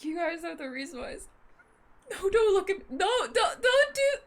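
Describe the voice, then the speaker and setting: A woman's voice: very high-pitched, big pitch swings, normal speed. A young woman hosting a fan reaction video, talking in a gushing, emotional way with lots of "like" fillers and half-laughing, near-tearful asides. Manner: gushing, heavy "like" fillers, laughing through tears.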